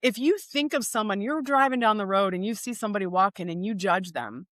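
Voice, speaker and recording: A woman's voice: medium pitch, expressive, brisk, a bit bright, no echo, clean studio sound. A woman guest on a podcast, telling stories earnestly in conversation with frequent restarts. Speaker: guest speaker.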